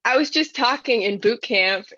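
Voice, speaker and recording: A woman from the Upper Midwest with a Yooper accent, a veteran guest talking casually in a podcast interview, friendly and quick to laugh. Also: fairly high pitch, expressive, pushed and bright, no room sound, highs cut off. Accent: Upper Midwest American (Yooper). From Upper Michigan and Wisconsin, USA.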